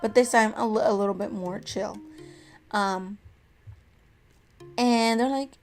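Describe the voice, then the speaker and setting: Young woman vlogger, slightly high voice, quick swings between loud outbursts and muttering, lots of swearing, faint music under her. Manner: animated, profane, acts out quoted people. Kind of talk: casual storytime vlog.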